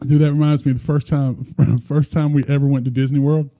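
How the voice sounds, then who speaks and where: A man's voice: on the high side, little pitch movement, fairly quick, mellow, dry recording. A man, co-hosting a podcast in casual, profane, joking chat. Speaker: podcast co-host.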